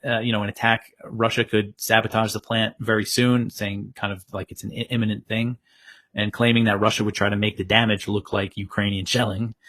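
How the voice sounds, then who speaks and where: Steady male news reader. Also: lowish voice. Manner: steady, plain delivery reading quotes. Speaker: news presenter. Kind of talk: news reading.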